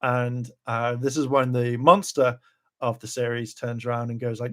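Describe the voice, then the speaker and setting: A man hosting a casual live reaction video, rambling with lots of fillers and acting out characters' lines in quick bursts. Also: medium pitch, little pitch movement, bright, forceful tone. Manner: rambling, heavy with "kind of" and "like" fillers.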